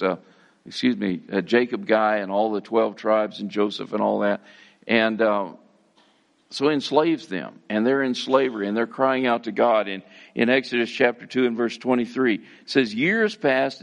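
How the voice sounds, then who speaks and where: A man's voice: medium pitch, vocal fry. A man preaching a sermon in a conversational, folksy way. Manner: conversational, with fillers and folksy phrases. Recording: slightly dull, muffled sound.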